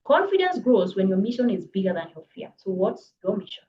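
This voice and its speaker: A woman coaching public speaking in a live online workshop, brisk and encouraging, reading viewers' comments aloud. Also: medium pitch, sing-song, dark tone, highs cut off, a little hiss or hum. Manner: brisk, encouraging, reads chat comments aloud, laughs often. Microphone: video call.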